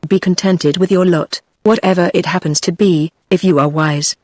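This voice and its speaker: A woman's voice: fairly low pitch, normal speed, no echo, clean studio sound, lightly acted. A text-to-speech woman's voice with a British English accent reading the lines of a vain, pompous male fox king in a storybook. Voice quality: even synthetic read-out.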